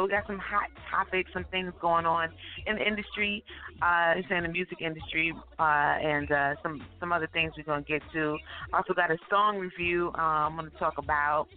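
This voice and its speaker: A woman hosting a call-in radio talk show in a loose, casual way, full of fillers, with a deep morning voice after a late night. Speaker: host. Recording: tinny phone line with faint music.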